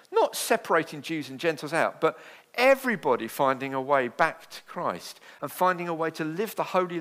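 A man preaching a sermon in a conversational, animated way, with asides and jokes. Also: medium pitch. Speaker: pastor.

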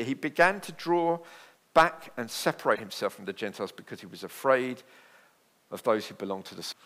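Lively man preaching a sermon. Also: mid-range voice. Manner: animated, conversational preaching with asides and jokes. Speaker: pastor.

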